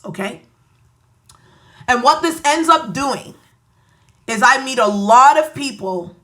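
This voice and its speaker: A woman's voice: fairly high pitch, fairly bright tone. A woman with a Nigerian accent hosting a podcast, giving an emphatic, preachy motivational monologue with playful asides. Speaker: podcast host.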